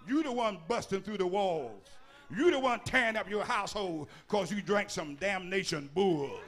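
Male bishop, high bright voice, rhythmic folksy preacher who shouts his lists. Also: animated, normal speed. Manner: folksy, with dialect grammar and humor. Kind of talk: sermon.

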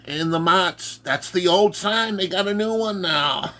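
A man's voice: sits high, slow, pushed and bright. A man from Detroit, narrating a photo slideshow in an upbeat, exclamatory way. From Detroit, Michigan. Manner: upbeat, exclamatory, keeps saying "oh". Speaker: vlogger.

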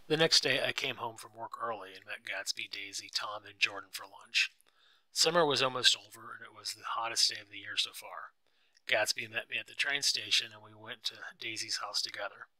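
Male narrator with a lowish, very bright voice and a clear, steady read. Fits a storybook. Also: dry recording, low-quality recording.

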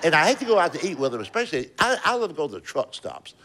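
Older man, stand-up comedy, animated swooping voice, slightly high, noisy stage recording. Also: a little fast, pauses often. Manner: folksy Southern storytelling, drawling punchlines. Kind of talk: stand-up comedy set, then chat.

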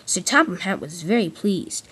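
A woman reading a train story aloud, with lively character lines between plainer narration. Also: fairly low pitch, moderate pace, slightly rough. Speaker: storyteller reading all parts. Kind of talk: amateur read-aloud storytelling of a train tale.

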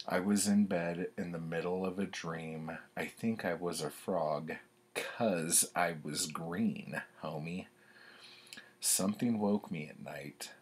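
A man's voice: low-pitched, slow, slightly rough. A man reading his old childhood poems aloud and commenting on them in a wry, self-mocking way.

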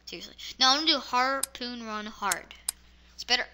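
A woman giving excitable let's-play commentary, yelping at fails and muttering asides. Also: a little high, normal speed. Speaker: gamer. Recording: loud background noise.

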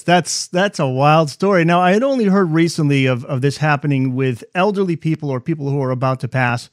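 A man's voice: fairly high pitch, a little fast, hardly any pauses, no echo, clean studio sound. A male host in a casual interview who reacts with short remarks and asks questions.

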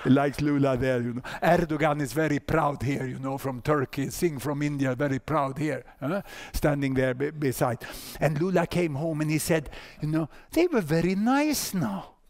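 A man in his sixties with a Swedish accent, lecturing at a conference and telling a story with lively asides and repeated words. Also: a little high, moderate pace, few pauses. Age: 60s. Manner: animated storyteller, frequent "huh?" and "you know" asides, repeats words. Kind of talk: conference talk. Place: conference hall with audience.

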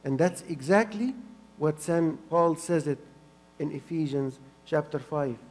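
High-pitched man giving an earnest church sermon with lots of repetition, in a hall with a long reverb. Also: unhurried. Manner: earnest, repeats phrases for emphasis, swings between soft and loud. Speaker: pastor.

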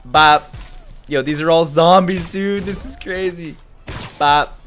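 A young man giving excited live commentary as he streams a game, jumping from mumbling to shouts and laughter. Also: on the high side, a little slow, faint music behind.

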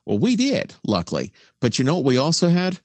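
Low-voiced radio guy telling stories, swoops all over, dry close mic. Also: wildly swooping pitch, fairly quick, darkish tone, no echo. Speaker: podcast co-host; former radio broadcaster. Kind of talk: casual chat.

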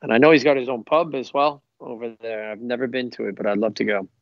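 A man's voice: medium pitch, fairly even intonation, fast talker, no room sound. Middle-aged guy from the states, ex footballer guest, rambles happily through old stories, dry slightly muffled call audio. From United States. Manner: enthusiastic, rambling anecdotes. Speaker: guest, former professional footballer. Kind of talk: casual interview chat.

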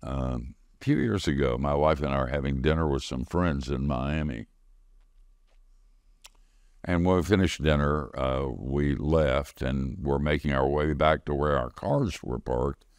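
A male pastor with a very deep, gravelly voice preaching a sermon. He talks slowly and conversationally, asking and answering his own questions as he tells a story. The sound is close and dry. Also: no room sound. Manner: conversational storytelling, call-and-response.

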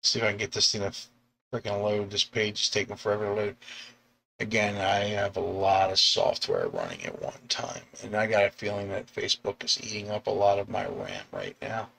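A middle-aged man, a comic artist and bus driver, chatting casually on a live stream, rambling with restarts and chuckles and acting out quoted lines in sudden high yelps. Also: fairly quick, creaky, fairly bright tone, slight background noise. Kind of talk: casual live-stream chat about artwork.

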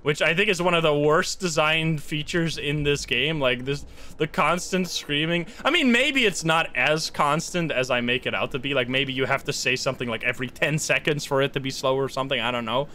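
Excitable male streamer, bright voice. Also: on the high side, fairly quick, a little hiss or hum. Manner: excitable, swears often, chants to himself. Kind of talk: live gameplay commentary.

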